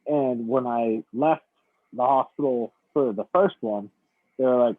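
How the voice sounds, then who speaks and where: A man chatting casually on a podcast, relaxed and rambling, swearing freely. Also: medium pitch, unhurried, no room sound, phone-quality sound. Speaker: podcast co-host. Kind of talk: casual chat.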